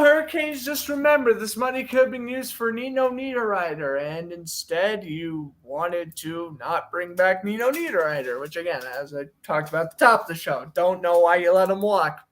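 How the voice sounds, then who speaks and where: Young man, high voice, casual hockey chat, opinionated, jokey co-host. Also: bright, forceful tone. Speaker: podcast co-host.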